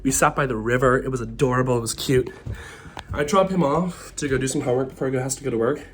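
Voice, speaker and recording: A man's voice: medium pitch, fast talker, fairly bright tone, a little hiss or hum. A young man who is tipsy, giving a dramatic, theatrical reality-show confessional and acting out what others said. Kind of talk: confessional to camera.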